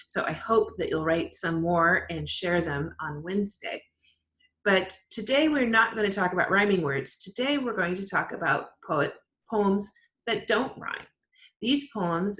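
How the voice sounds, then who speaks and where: A woman teacher giving an online writing lesson to her class, upbeat and encouraging, explaining slowly. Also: on the low side, fairly bright tone. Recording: roomy echo.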